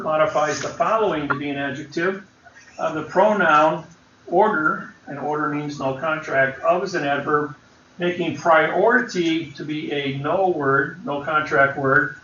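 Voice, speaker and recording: Male seminar lecturer, emphatic and crisp-toned, on a dull lo-fi distant room recording. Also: on the high side, measured pace, bright, forceful tone, reverberant, a little hiss or hum. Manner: emphatic, explains word by word. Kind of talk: classroom lecture.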